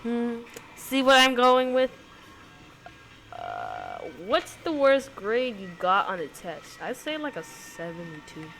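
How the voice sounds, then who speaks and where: With background music playing, a woman vlogger reads questions aloud and answers them in slow, casual chat, rambling and hesitating with plenty of ums and likes. Her voice is a little high and fairly bright in tone, with huge pitch swings and vocal fry.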